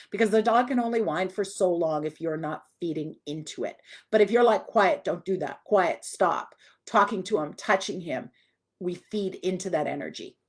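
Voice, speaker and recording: A woman dog trainer giving a live online lesson, chatty and direct, now and then putting on a voice for the dog. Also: on the low side.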